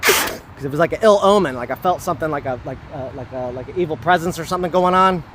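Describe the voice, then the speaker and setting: A man speaks in a somewhat high register, rambling earnestly through a personal story. Soft traffic hums faintly behind him outdoors. He hurries along, leaning on "you know" and "like" as he goes. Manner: hurried, wanting to finish quickly. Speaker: vlogger telling a personal story. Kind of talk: casual spoken recollection.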